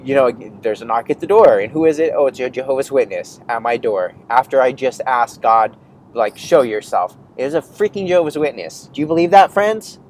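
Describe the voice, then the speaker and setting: Man, podcast host, casual storytelling, rambling, animated, faint background noise. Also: mid-range voice, a little fast, poor audio. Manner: rambling, animated, self-interrupting.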